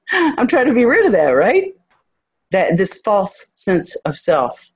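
A spiritual teacher giving a reflective talk to a group, speaking candidly about their own experience and often pausing to search for the next thought. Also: medium pitch, huge pitch swings, slightly rough. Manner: candid and self-reflective, with light self-deprecating humor.

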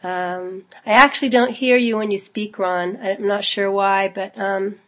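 A woman with a cold, her voice low and husky. She hosts an online spiritual gathering from a computer at home, talking in a loose, chatty way full of fillers and small asides. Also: steady tone, unhurried. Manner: chatty, informal, with frequent fillers and small laughs. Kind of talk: casual address to an online group.

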